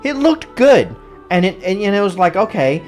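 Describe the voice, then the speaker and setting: Casual film reviewer, incredulous and ranting, lively pitch, faint music underneath. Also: moderate pace. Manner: animated, incredulous, exasperated rants. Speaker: movie reviewer.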